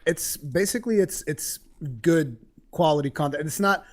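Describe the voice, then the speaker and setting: A man guesting on a casual gaming podcast, upbeat and quick to laugh, often trailing off mid-sentence. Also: on the high side.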